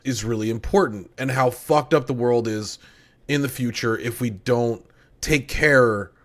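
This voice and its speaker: A man's voice: mid-range voice, measured pace, fairly bright tone. A man co-hosting a podcast, chatting about an anime in a rambling, dry and joking way. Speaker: podcast co-host. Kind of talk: casual anime review chat.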